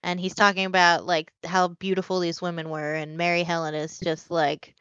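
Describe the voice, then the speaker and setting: A woman's voice: lowish voice, little pitch movement, normal speed, fairly bright tone, clear, resonant tone, no room sound, muffled recording. A woman co-hosting a podcast, casually recapping a plot in a rambling way with lots of fillers. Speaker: podcast co-host. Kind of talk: casual chat.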